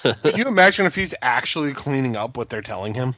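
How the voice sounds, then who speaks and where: A man co-hosting a casual chat, making wry, deadpan quips. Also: medium pitch, quick pace, a little hiss or hum. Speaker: podcast co-host.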